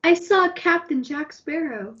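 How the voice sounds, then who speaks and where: A woman's voice: high-pitched, expressive, measured pace, fairly bright tone, lo-fi sound. A woman co-hosting a casual chat reviewing a TV special, mostly giving short reactions and dry jokes. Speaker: podcast co-host.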